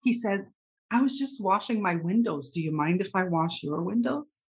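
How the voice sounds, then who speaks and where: A woman recounts a personal experience in a halting, heartfelt way. She often restarts her sentences and her voice carries emotion that at times turns tearful. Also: mid-range voice, lively intonation. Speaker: participant sharing a story. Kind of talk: personal sharing in a group talk.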